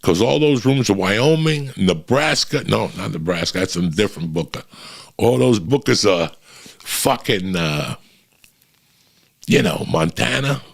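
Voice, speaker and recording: A middle-aged man, a comedian, telling profane, animated road stories in a casual chat. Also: lowish voice, unhurried, gravelly. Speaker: comedian guest. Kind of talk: storytelling chat.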